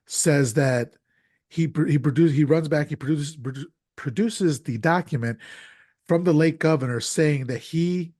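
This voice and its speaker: A man's voice: on the high side, a little slow, a little mellow, no echo. Man recapping a film, dry close mic. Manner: recaps plot with frequent fillers and restarts. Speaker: podcast host. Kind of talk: casual podcast film discussion.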